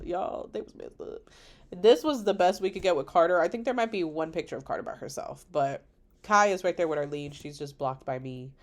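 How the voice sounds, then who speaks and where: A young woman vlogger chatting about her wedding photos, animated and slangy, laughing often, on a computer microphone. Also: fairly low pitch. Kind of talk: casual chat over wedding photos.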